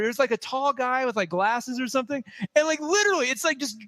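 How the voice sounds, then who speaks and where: A man co-hosting a podcast, chatting casually about tech as an animated, rambling storyteller. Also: extremely high pitch, quick pace, no room sound. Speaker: podcast co-host.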